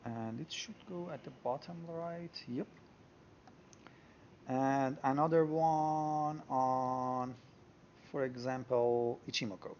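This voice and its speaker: A man teaching a software screen-share tutorial, explaining step by step and thinking aloud as he clicks through charts. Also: medium pitch, slow pace, muffled recording, slight background noise. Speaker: trading software instructor.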